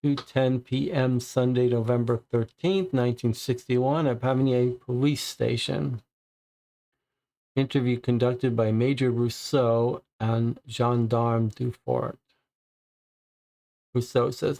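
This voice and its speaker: A man's voice: medium pitch, fairly even intonation, takes it slowly, gravelly, dark tone. Man musing aloud over a puzzle game. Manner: musing, hesitant. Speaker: board game player. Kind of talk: thinking aloud while playing.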